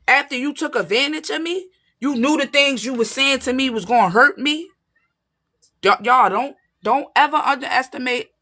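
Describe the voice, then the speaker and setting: Woman tarot reader, bright tone, emphatic and streetwise, casual direct-to-viewer reading. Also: on the high side. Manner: emphatic and streetwise, keeps checking in with listeners.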